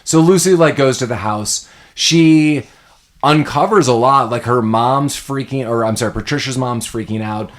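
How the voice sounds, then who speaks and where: A man co-hosting a casual movie podcast, retelling scenes with lively acted-out quotes. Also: mid-range voice, normal speed. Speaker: podcast co-host.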